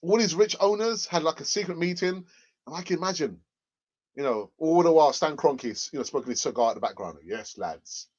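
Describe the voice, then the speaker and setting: Excitable man, dull lo-fi stream audio. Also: a little high, a little fast. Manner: excitable, repeats phrases for emphasis. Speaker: football fan channel host. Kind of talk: casual livestream chat.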